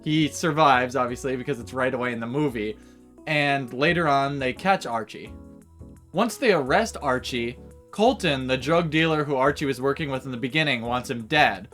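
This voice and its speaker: A young man in casual conversation about films, loose and easygoing, peppering his sentences with "like." His voice sits in a middle register, and soft background music plays quietly behind him. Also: medium pitch, moderate pace. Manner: relaxed, filler-heavy with "like". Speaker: movie review co-host. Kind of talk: casual chat and plot recap.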